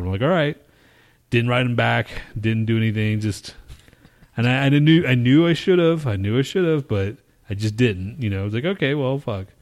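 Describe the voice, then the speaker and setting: Casual male podcast co-host, mid pitch, loose and profane, rambling storyteller. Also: darkish tone. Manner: profane, rambling storyteller who acts out his own reactions.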